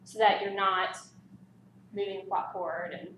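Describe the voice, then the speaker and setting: A woman presenting a writing workshop in a casual, chatty way, animated with light laughs. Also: medium pitch, normal speed, muffled recording. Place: library meeting room. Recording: roomy echo, faint background noise.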